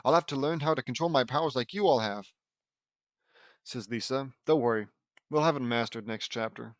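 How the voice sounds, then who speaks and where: A man's voice: mid-range voice, lively intonation, fairly quick, dry recording, clean studio sound. Man reading his fan fiction aloud, sarcastic asides. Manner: joking, sarcastic asides between read lines. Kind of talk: casual audiobook reading with asides. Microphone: close home mic.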